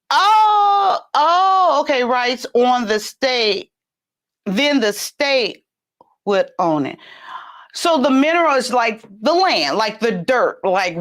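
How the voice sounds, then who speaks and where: Middle-aged Southern woman, talkative livestream host, giggly, voice leaps up high when excited. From California. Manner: chatty, laughs often, animated pitch jumps. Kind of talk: casual livestream chat.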